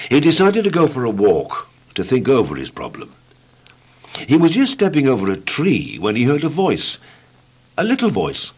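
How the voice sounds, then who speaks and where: A man narrating a children's storybook tape, playful and expressive, slowing down for effect. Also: medium pitch, slightly rough.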